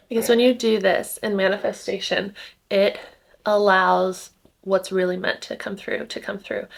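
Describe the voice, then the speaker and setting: A woman's voice: mid-range voice, gravelly. A young woman in casual spiritual vlog talk, rambling with many fillers and small laughs, slightly congested from just waking up. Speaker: spiritual content creator. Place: rented home indoors.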